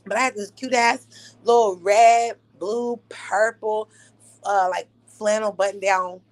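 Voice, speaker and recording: A young woman telling a story in a casual, profane rant, animated and breaking into laughs. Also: medium pitch, unhurried.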